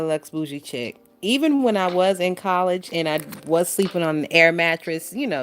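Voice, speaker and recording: A young woman hosting a casual commentary stream, swearing, laughing and sounding exasperated as she reads chat comments. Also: sits low. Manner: profane, exasperated, laughs a lot. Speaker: YouTube commentary host. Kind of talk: casual reaction commentary reading live chat. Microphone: phone.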